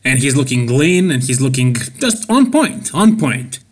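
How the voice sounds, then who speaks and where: A man's voice: mid-range voice, big pitch swings, a little slow, slight background noise. A man from Serbia with a Serbian accent, hosting an opinionated bodybuilding commentary vlog and repeating key words for emphasis. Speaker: bodybuilding channel host.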